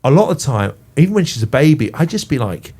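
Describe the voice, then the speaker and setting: Middle-aged English male guest, casual and profane, mid-pitched, heats up on a rant. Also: fast, slightly rough. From England. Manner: swears freely, animated when ranting. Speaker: podcast guest. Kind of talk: casual chat.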